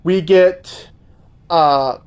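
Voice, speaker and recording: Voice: mid-range voice, extremely slow, darkish tone, smooth. A podcast co-host recapping a movie plot in casual chat, with some swearing.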